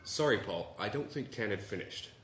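Polite, firm male chairperson, lively intonation, roomy recording with faint noise. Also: on the low side, moderate pace.

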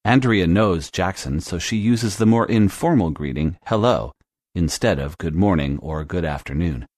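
Deep-voiced man teaching business English. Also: animated, a little mellow, dry recording, studio quality. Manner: clear, measured instructional delivery. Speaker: language teacher. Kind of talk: scripted English lesson narration.

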